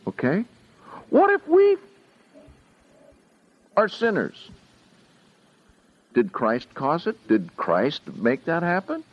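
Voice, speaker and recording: A man with a fairly high voice and huge swings in pitch leads a verse-by-verse Bible study. He speaks slowly and inquiringly, often putting questions to his listeners. The recording sounds dull and lo-fi.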